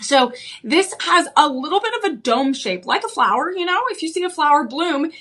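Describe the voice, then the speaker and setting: A woman hosting a live home shopping show, pitching a ring with enthusiasm and repeating the key selling points. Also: expressive, moderate pace, a bit bright.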